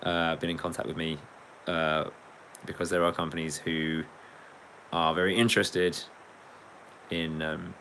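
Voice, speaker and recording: A man's voice: low-pitched, level tone, unhurried, long pauses, fairly bright tone, a little hiss or hum, rough recording. An English man chatting casually on a livestream, rambling, joking, swearing and reading viewer comments aloud. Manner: rambling, sweary, jokey, reads chat aloud. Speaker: livestreaming musician.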